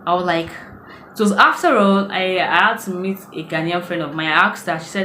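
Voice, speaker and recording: A woman's voice: lowish voice, brisk, pushed and bright, a little hiss or hum. A woman from Nigeria with a Nigerian accent, giving casual advice in a storytelling way in a video blog. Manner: chatty storytelling, acts out quoted voices. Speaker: vlogger. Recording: echoey room.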